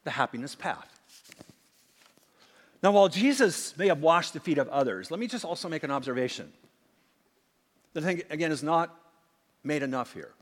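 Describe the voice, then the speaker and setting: A man preaching a sermon, swinging from emphatic acted-out quotes to hushed asides. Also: fairly high pitch, lively intonation, normal speed, long pauses. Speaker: pastor. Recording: long hall reverb.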